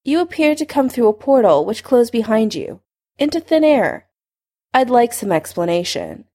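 Old male wizard headmaster read by a woman, storybook audiobook, measured, dry, probing, lively melody. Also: fairly high pitch, voice pushed up. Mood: calm.

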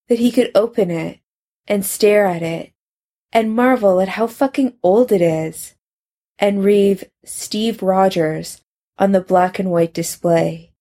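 A woman's voice: medium pitch, warm tone. A woman reading a fan fiction story aloud, lingering over each phrase. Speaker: reader.

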